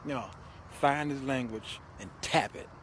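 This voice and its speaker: A man hosting a show, giving comic relationship advice in an animated, laughing, preachy way. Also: mid-range voice, slow, slight background noise. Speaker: host. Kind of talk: comedic relationship advice monologue.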